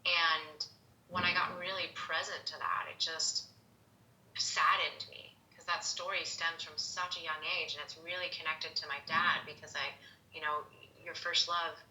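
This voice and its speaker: A woman in her thirties shares a personal story in an emotional, rambling way, leaning on "like" constantly. Her voice is low-pitched yet very bright. The room around her is echoey, with a faint hiss underneath. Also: level tone, a little slow. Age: 30s. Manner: emotional, filler-heavy, says "like" constantly. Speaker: podcast guest.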